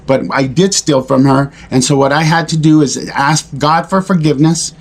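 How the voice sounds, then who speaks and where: A man speaking earnestly and reflectively to camera in a confessional talk, pausing and restarting often. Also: fairly high pitch, steady tone. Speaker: recovery vlogger.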